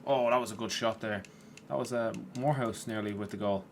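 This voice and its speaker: A man's voice: lowish voice, brisk, a little hiss or hum. A man casually commentating over his own football video game, chatty and swearing, tired and yawning at times. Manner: chatty, swears at players, rises in excitement. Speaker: gaming YouTuber.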